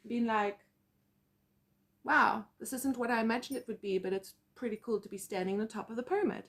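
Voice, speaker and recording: A woman with a South African accent telling personal stories as a psychic medium, animated and acting out quotes. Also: mid-range voice. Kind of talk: casual storytelling vlog.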